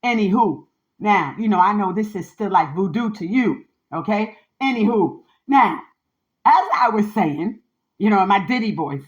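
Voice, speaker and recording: A woman's voice: mid-range voice, lively intonation, moderate pace, dull audio. A woman hosting a podcast in a candid, casual monologue. She talks emphatically and with sass, keeps tagging her points with "okay?" and uses a lot of slang. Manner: slangy and sassy. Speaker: podcast host.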